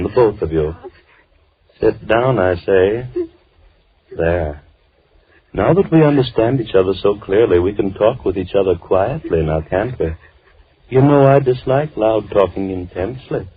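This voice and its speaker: An actor playing a soft-spoken, coldly polite madman in a 1950s radio drama. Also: fairly low pitch, measured pace, long pauses. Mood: softly menacing. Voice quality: calm, gentle, coldly polite. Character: soft-spoken menacing madman, middle-aged. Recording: tinny old radio broadcast with faint hiss.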